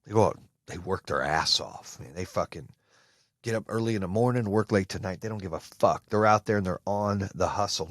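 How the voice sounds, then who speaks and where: A man hosting a podcast, giving an intense, profane motivational monologue with shouting bursts. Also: on the low side, no room sound, clean studio sound. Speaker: podcast host.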